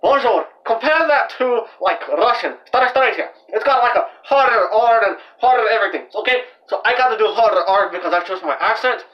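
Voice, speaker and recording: Young man, high voice, rambling casual explainer, lots of fillers, distant from the mic, muffled lo-fi sound. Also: lively intonation, a little fast, hardly any pauses. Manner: rambling, filler-heavy, loose and unscripted. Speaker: channel host. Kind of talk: casual amateur language explainer. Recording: dull, distant lo-fi home recording.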